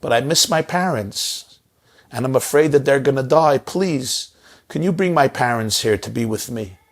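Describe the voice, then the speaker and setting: A man's voice: medium pitch, animated, moderate pace, gravelly. A man voicing a frightened eleven-year-old refugee boy, pleading and tearful. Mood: tearful plea.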